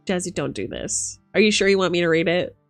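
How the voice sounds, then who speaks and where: A young woman streamer chatting casually with her viewers, animated, laughing and swearing freely. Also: fairly low pitch, brisk, faint music behind. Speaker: livestreamer.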